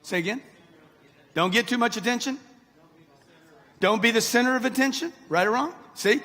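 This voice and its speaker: A man's voice: very high voice, moderate pace, long pauses, sharp tone. A man in his sixties giving a live motivational speech to a crowd, brash and punchy, speaking straight at the audience. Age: 60s. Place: large hall with live audience. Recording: long hall reverb.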